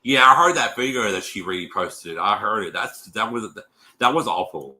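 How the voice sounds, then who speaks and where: Guy slowly reading a post on a stream, lots of ums, bright tense voice, echoey room. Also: fairly low pitch, expressive. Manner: halting, hesitant reading with fillers. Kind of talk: livestream chat, reading posts aloud.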